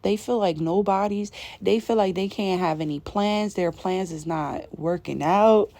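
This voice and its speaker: A woman's voice: medium pitch, a little slow, warm tone, dry recording. A woman delivering an intuitive spiritual message to her viewers, in emphatic, casual, slangy talk that repeats its points. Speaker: spiritual reader.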